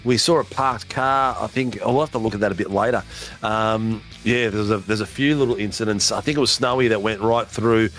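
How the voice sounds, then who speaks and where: A man's voice: on the low side, brisk, a bit bright, faint music behind. A man hosting post-race interviews for a sim racing broadcast, chatty and hyped up. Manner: hyped announcer, chatty, says mate a lot.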